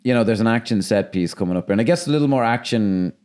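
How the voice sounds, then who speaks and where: A man's voice: lowish voice, expressive, fast, darkish tone. A man co-hosting a film podcast, chatting casually, swearing and acting out lines from the movie. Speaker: podcast co-host. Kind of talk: casual film review chat.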